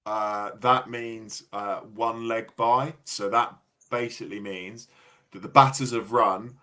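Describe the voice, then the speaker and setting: A young man with a fairly low voice talks through a cricket match on a casual stream. He explains the rules patiently, lays out each point step by step, and livens up when a big shot lands. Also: steady tone, slow, sharp tone. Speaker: cricket expert co-host. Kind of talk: casual watch-party commentary.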